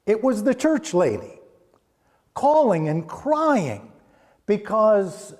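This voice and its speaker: Middle aged pastor in church, slow unhurried sermon storytelling, goes real hushed on the heavy bits. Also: male voice, high-pitched, wildly swooping pitch. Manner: hushes to a near-quiet voice at solemn points. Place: church sanctuary.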